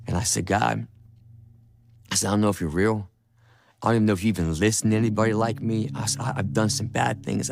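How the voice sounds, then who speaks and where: A man's voice: lowish voice, vocal fry. A man telling his personal faith testimony in an earnest, emotional, repetitive way. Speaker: testimony speaker.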